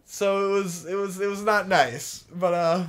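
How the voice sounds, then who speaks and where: A man's voice: sits high, fairly even intonation, measured pace, a bit bright, smooth, soft background music. A young man casually telling a long story on a podcast, rambling and swearing, with a lot of "like" fillers. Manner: rambling, profane, lots of "like" fillers. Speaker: podcast co-host.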